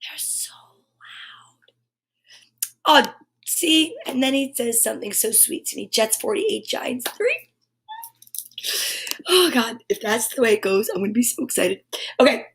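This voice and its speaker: A woman's voice: on the high side, a little fast. A woman hosting a morning livestream, upbeat and chatty, greeting viewers by name and exclaiming often. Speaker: livestream host.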